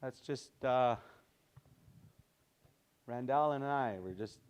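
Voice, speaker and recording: A man's voice: medium pitch, slow, smooth. A man teaching a language class, patiently repeating words for his students.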